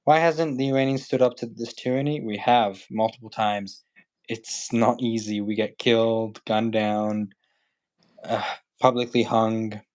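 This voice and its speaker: A man's voice: on the low side, steady tone, a little slow, darkish tone. A man from Iran, a guest on a livestream, talking in a blunt, joking way with many fillers. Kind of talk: casual livestream chat.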